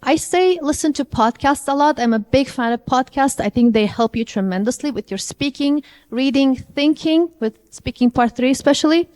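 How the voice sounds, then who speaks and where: A woman's voice: sits high, moderate pace, few pauses, a little mellow. A woman giving an interactive language lecture to a live audience, often asking them questions. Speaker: IELTS trainer. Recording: long hall reverb.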